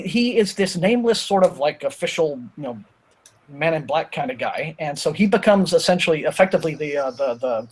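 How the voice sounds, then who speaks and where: A man leads a casual live chat over a video call. His voice sits a little high, and he talks in a rambling, opinionated way, stopping and restarting his sentences often. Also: husky. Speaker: booktuber host of a live show.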